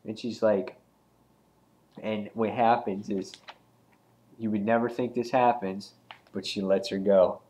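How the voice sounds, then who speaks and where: A man with a fairly low voice talks through a comic book issue in a loose, casual way. He rambles and restarts often and fills the pauses with ums. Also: fairly even intonation, dark tone. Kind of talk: casual spoken review.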